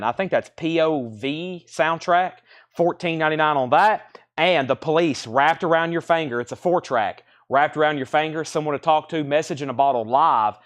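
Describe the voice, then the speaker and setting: Brisk man auctioneering records live. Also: on the high side. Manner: rattles off titles and prices, brisk auctioneer patter. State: a bit out of breath. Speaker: host of a live record sale.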